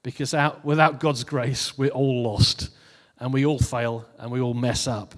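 A man's voice: medium pitch, fairly even intonation, a little slow, big-room sound. A man giving a casual New Year sermon who reads out funny posts and laughs at his own jokes before turning to scripture. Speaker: preacher.

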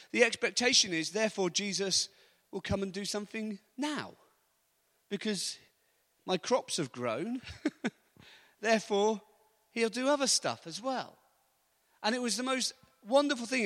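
A man preaching, telling stories in a lively, anecdotal way and chuckling often. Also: sits high. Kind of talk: storytelling sermon.

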